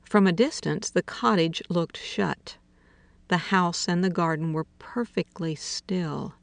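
A woman reading a literary short story aloud in a slow, measured way, dropping to a hush for quiet dialogue. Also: on the low side, creaky, no echo. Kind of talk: audiobook narration of literary fiction.

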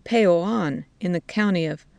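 A woman reading a story voices a group of harsh male soldiers who shout bluntly at an old villager. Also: lowish voice, slow pace, vocal fry, dry recording. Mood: grim.

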